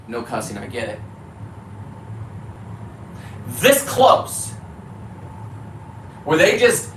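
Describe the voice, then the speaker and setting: A man's voice: sits high, sharp tone. A man from California, a fisherman vlogger, delivering a heated, profane rant to camera and catching himself on his cussing. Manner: heated, profane, self-correcting about cussing. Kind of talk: ranting monologue to camera. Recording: echoey, distant mic with faint background noise.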